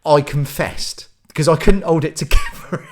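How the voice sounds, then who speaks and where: A man's voice: a little high, normal speed. A man in his thirties, casually telling a story as a vlogger, with laughter, swearing and a skeptical tone. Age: 30s.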